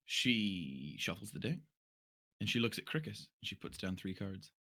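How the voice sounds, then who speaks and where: A man's voice: lowish voice, animated, moderate pace, gravelly, a bit bright, slightly rough. A man narrating a tabletop game as game master, casual and prone to small slips.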